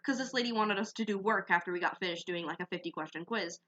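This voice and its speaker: A teenage girl co-hosting a casual podcast, telling a school story in an animated, indignant way. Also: medium pitch, fast talker, highs cut off. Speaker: podcast co-host.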